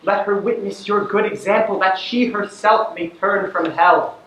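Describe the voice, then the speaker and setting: A teenage actor on a school stage playing a stern male judge who questions in a measured, commanding way. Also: high voice, a bit bright, slight background noise. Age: late teens. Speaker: student actor. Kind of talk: stage acting in a school play. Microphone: distant camera in the audience. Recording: echoey hall from far off.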